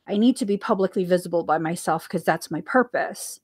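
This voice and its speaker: A woman's voice: on the low side, fairly quick. A woman hosting a spiritual podcast, musing earnestly about her own life, asking herself questions and laughing often. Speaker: podcast host. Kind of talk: reflective spiritual talk.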